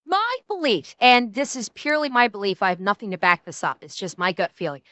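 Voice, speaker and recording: A woman streamer reacting to a video with animated commentary, swearing freely and laughing often. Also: mid-range voice, brisk, no echo.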